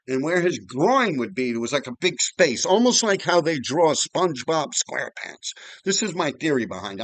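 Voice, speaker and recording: A man, telling old neighborhood stories in loose, wandering sentences full of swearing and asides. His voice sits a bit high for a man. The recording is close and dry. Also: fairly bright tone, no echo. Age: 50s. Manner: rambling and profane, with frequent restarts and asides. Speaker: vlogger storyteller. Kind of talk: casual storytelling.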